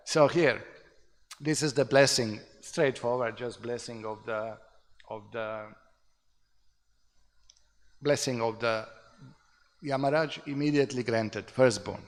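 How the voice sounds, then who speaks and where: A man's voice: mid-range voice, expressive, measured pace, long pauses, long reverb tail. A man leading a casual scripture class, talking conversationally, tagging remarks with "no?" and chuckling at his own stories. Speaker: scripture teacher. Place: temple hall.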